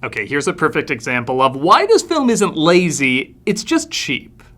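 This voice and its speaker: A man's voice: on the high side, huge pitch swings, normal speed, noisy background. A man giving a scripted comedic film review with a sarcastic, wry delivery. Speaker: film critic.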